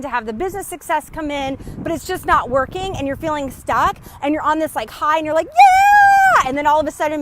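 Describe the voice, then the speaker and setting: A Texas business coach walks home outdoors while live-streaming, upbeat, a little out of breath, and frequently greeting her viewers. Her voice sits high, with a little hiss or hum in the recording.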